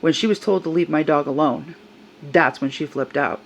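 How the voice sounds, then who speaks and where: A woman's voice: sits low, normal speed, highs cut off, a little hiss or hum. An older woman tells a personal story in a vlog, earnest and upset as she recounts what happened. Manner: upset, earnest retelling with quoted voices. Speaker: service dog handler.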